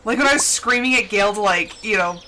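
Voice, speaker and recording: A woman's voice: medium pitch, quick pace, sharp tone, slight background noise. An American woman streaming a video game, chatting casually and giggly, with lots of "like". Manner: chatty and giggly, heavy use of "like". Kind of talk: casual livestream chat.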